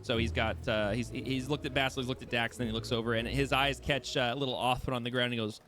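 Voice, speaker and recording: A man's voice: mid-range voice, fairly even intonation, fast talker, fairly bright tone, soft background music. Hesitant man narrating as game master. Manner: hesitant, many ums and restarts, descriptive.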